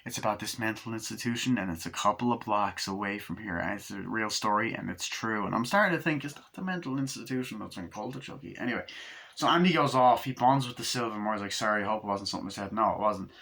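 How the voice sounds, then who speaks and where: A man's voice: lowish voice, fast talker, fairly bright tone. A man giving a casual, profane movie review, rambling through scenes and acting out quoted lines in passing.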